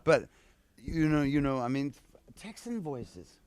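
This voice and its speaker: A man who is a voice actor, musing in a halting way during a convention interview. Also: fairly high pitch, animated, darkish tone, clean tone. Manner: musing, halting, restarts often. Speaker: voice actor guest.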